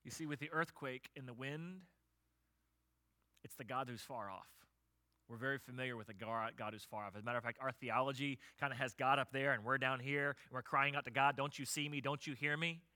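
Man, pastor, sermon, animated storyteller, sharp bright tone, dry close sound. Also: medium pitch, fairly quick, dry recording. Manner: animated storytelling, drops to soft prayer.

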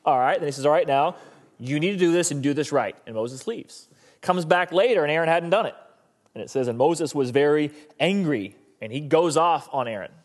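A man's voice: a little high, a little fast. Conversational male pastor preaching. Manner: conversational, animated preaching with acted-out quotes. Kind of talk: sermon.

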